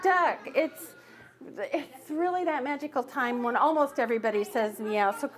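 A woman's voice: high-pitched, normal speed. A woman storyteller leading a children's storytime in a library, coaxing the group playfully with mock-puzzled restarts. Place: public library.

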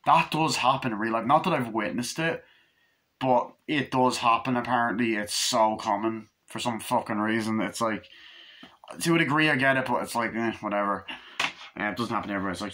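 A man giving a casual, rambling film review. He swears freely and often acts out scenes in quick, higher voices. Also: sharp tone.

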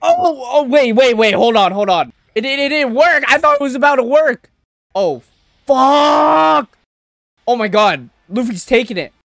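A man reacting live to an anime episode, excitable and exclaiming, swearing in casual slang. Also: very high-pitched, normal speed, dry recording, clean studio sound.

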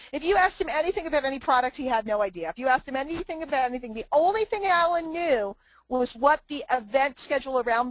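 Emphatic, chatty woman speaker with a bright voice. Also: high voice, no echo, rough recording. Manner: emphatic and repetitive, chatty asides to listeners. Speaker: motivational speaker and trainer. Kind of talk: motivational talk to a live online group.

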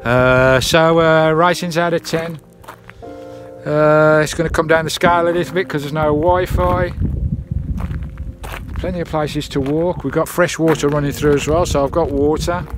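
A man's voice: on the high side, steady tone, normal speed, over music. A British man vlogging casually from inside his camper van, chatting and swearing lightly. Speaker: vanlife vlogger. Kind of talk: casual vlog chat.

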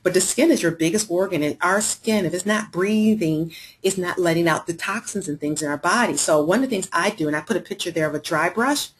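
A woman's voice: lowish voice, fairly quick, breathy edge. A woman hosting a live health webinar, talking in a chatty way and reading out and answering viewers' chat messages. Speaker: webinar host.

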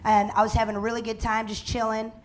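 High-voiced woman hosting a comedy show. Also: flat delivery, quick pace. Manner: loud, playful crowd work with laughs. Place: live comedy show in a packed venue. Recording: live room with loud crowd.

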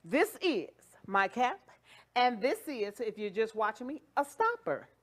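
Woman doing a wig demo livestream, kinda high voice, playful, hyping folks up. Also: sing-song, unhurried. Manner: playful, sings and jokes, hype catchphrases. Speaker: wig shop host.

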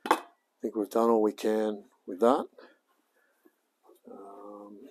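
A man's voice: fairly low pitch, level tone, takes it slowly, noisy background. An Australian man in his forties, a hobby mechanic chatting casually on a livestream as he works in his home workshop and talks to himself. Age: 40s. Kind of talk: casual livestream chat while working.

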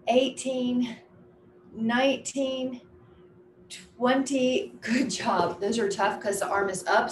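A middle-aged woman leading an exercise class, counting reps aloud with brisk, encouraging cues. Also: medium pitch. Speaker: fitness instructor. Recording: echoey room with faint ambient noise.

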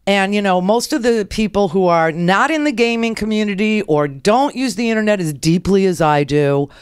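A woman hosting a political talk radio show, delivering a rambling, animated monologue into a close studio mic and acting out the people she quotes. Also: mid-range voice, moderate pace, clear, resonant tone, dry recording.

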